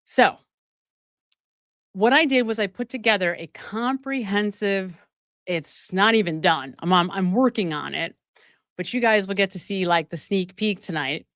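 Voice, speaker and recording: A woman's voice: mid-range voice, a little slow, dry recording, studio quality. A woman hosting a live stream of true crime commentary, talking straight to her viewers with emphatic asides and frequent laughs. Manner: animated and emphatic, laughing often mid-sentence. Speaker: livestream host.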